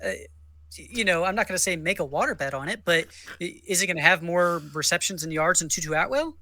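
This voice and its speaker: Fast-talking man with a very bright voice. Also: high voice, lively intonation, no room sound. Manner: hedging, thinks aloud. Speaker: podcast co-host. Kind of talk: casual podcast chat.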